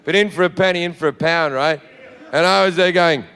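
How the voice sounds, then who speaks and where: A man with an Australian accent telling a story as a stand-up comedian on stage. He talks in a brash, profane way and builds up to shouts. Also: a little high, a little fast. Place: comedy stage before a live audience. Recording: live hall with faint audience.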